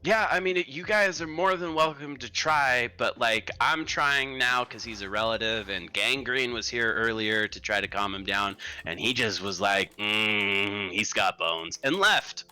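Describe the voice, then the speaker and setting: A man's voice: lowish voice, measured pace, few pauses, bright, forceful tone, smooth, soft background music. A man voicing an exasperated male relative at his wit's end, talking in a harried, pleading way.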